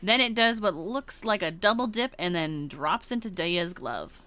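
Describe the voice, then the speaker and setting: A woman's voice: on the low side, expressive, measured pace, bright, forceful tone, smooth, soft background music. A woman streamer casually reading game text aloud, giggling now and then. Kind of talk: reading a visual novel aloud.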